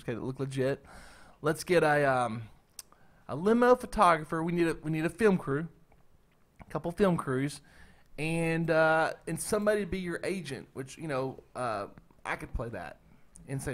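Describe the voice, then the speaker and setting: Host type, male, high voice, excitable, slangy, full of big ideas. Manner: excitable, pitching schemes, slangy. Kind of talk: casual group chat.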